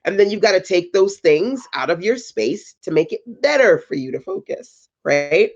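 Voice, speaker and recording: A woman's voice: sits low, dull audio. A woman hosting a livestream, giving chatty motivational talk to entrepreneurs, laughing and asking her audience questions. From North Carolina. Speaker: host of a business livestream.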